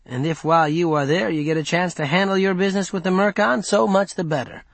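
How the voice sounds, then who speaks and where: A man's voice: sits high, fairly even intonation, fast talker, gravelly, dry recording. A bold young male rebel leader in an audiobook lays out his plan in an urgent, persuasive voice, as a man puts him on. The sound is dry and close, with no room around it.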